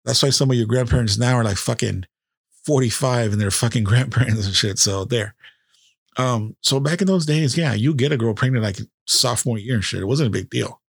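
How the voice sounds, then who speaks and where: A man's voice: medium pitch, fairly quick, vocal fry, slightly rough, dry recording, clean studio sound. A man in his fifties, a podcast host telling a personal story in a candid, casual way with heavy swearing.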